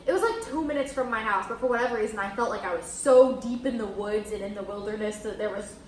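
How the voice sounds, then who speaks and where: A woman's voice: mid-range voice, quick pace. A young woman chats casually while eating on camera, her stories loose and full of fillers. The room around her rings with a noticeable echo. A faint hiss sits underneath. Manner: chatty, filler-heavy storytelling with laughs. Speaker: host. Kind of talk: casual mukbang chat. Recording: echoey room with faint noise.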